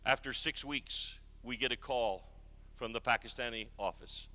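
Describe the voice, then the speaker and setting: A man preaching a sermon as a guest speaker, telling a story and swinging between hushed and emphatic delivery. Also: medium pitch, moderate pace. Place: church hall. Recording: long reverb of a large church hall.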